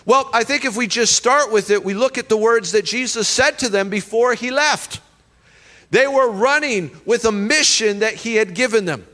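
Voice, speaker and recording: A man's voice: very high-pitched, normal speed, sharp tone. A man preaching a sermon as pastor, emphatic and leading the congregation in call-and-response. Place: church hall. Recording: long reverb of a church hall.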